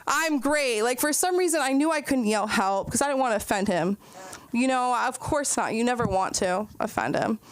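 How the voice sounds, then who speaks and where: A young woman doing a rambling stand-up set, telling stories full of "like" and quick asides. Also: on the high side, lively intonation. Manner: rambling, breathless storytelling with lots of "like". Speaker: stand-up comedian.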